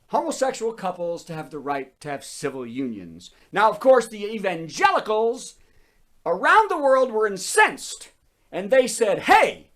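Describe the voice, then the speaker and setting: A man's voice: sits high, sing-song, unhurried, a bit bright. A man hosting a comedy show over a video call, telling topical jokes and laughing at his own bits.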